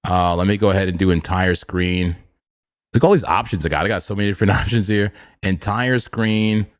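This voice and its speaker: A man's voice: low voice, fairly quick. A man hosting a casual crypto trading livestream, joking and repeating himself as he talks.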